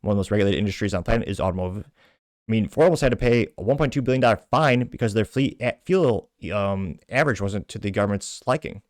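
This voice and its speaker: A man's voice: lowish voice, expressive, fast, no room sound, studio quality. A man hosting a show, delivering indignant, emphatic political opinion commentary. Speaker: show host.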